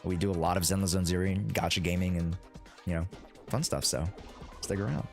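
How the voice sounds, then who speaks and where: A man's voice: low-pitched, fairly even intonation, a little fast, gravelly, faint music behind. A man hosting a livestream in casual, playful chat, rambling with many fillers. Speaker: streamer and host.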